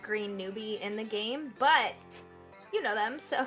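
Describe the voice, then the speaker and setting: A woman's voice: medium pitch, measured pace, fairly bright tone, faint music behind. A woman from New York casting a live esports match, chatty and bubbly. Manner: bubbly, chatty, laughs often. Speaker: esports caster. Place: broadcast booth.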